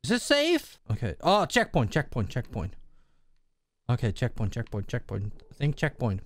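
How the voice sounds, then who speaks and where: A man casually commenting on his gameplay, excitable and swearing and yelling at the game. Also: mid-range voice, moderate pace, no room sound. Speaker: gaming video host.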